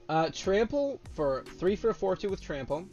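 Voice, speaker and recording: A young man with a fairly high-pitched voice reads out trading card text in a casual tone. He breaks into loud, swearing outbursts of excitement between cards. Faint music plays underneath. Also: lo-fi sound. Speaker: card game content creator. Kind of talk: casual card spoiler reaction.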